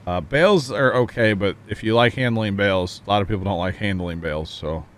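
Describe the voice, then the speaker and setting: A man with a very low voice chats casually while streaming a farming game, joking around and answering his chat. Faint game vehicle noise hums in the background. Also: brisk, a bit bright. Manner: chatty, jokey, reading chat aloud.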